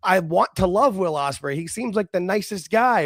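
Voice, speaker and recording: A man co-hosting a casual wrestling talk show, excitable, talking in quick bursts with laughs and restarts. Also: high-pitched, gravelly, no echo, clean studio sound. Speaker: podcast co-host.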